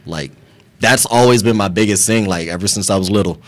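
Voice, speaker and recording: Blunt, profane man with a low voice. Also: a little fast. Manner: profane, blunt, animated retelling of a bar fight. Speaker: radio talk show regular. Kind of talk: casual storytelling chat. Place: community radio studio.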